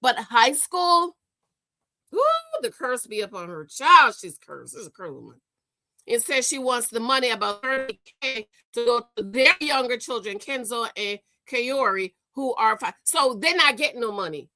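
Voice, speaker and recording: A woman's voice: a little high, lively intonation, normal speed, bright, forceful tone, no echo. A woman hosting a gossip commentary show, exasperated and scolding, stammering and repeating herself as she rants. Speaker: host.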